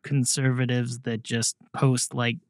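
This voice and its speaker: A man's voice: medium pitch, flat delivery, a little slow, dry recording, studio quality. A man talking as a podcast guest in casual chat, rambling and joking with lots of "like"s. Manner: rambling, heavy "like" fillers, jokey.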